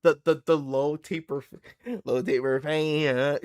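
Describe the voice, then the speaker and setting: A young man hosting a live reaction stream, talking in a casual, slangy and excitable way and laughing easily. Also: a little high, a little slow, clear, resonant tone. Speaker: livestream reaction host.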